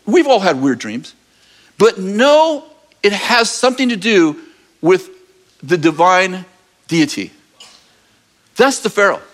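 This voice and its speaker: Animated male preacher with a high voice, telling a story with humor and acted-out voices. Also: slow, long pauses. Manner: animated, acts out voices, jokey asides. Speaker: pastor. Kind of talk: lively storytelling sermon.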